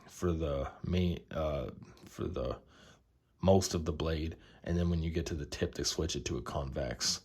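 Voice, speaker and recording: Husky low-voiced man, casual knife chat. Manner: relaxed, enthusiastic, many fillers. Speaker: knife collection vlogger. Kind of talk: casual show-and-tell.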